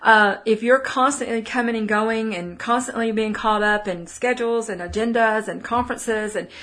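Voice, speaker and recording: A woman's voice: fairly high pitch, fairly even intonation, normal speed, fairly bright tone. A middle-aged woman with a Texan accent giving a folksy, conversational Bible teaching, full of fillers and restarts. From Texas. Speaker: preacher.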